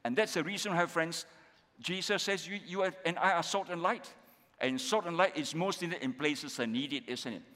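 A man pastoring in a church hall, speaking with a Malaysian English accent, preaches and regularly checks in with listeners via repeated rhetorical questions. His voice is on the high side with a sharp tone, at a moderate pace. There's a long hall reverb.

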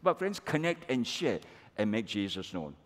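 A middle-aged man preaching a sermon, animated and chatty, peppering his telling with "okay" and "all right" to the congregation. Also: lowish voice, moderate pace. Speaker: pastor. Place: large church hall. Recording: long reverb of a church hall.

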